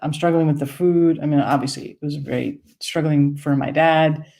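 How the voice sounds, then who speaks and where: A woman's voice: sits low, steady tone, moderate pace, creaky, warm tone. A woman from Maine telling a wry, conversational personal story on stage. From United States, Maine.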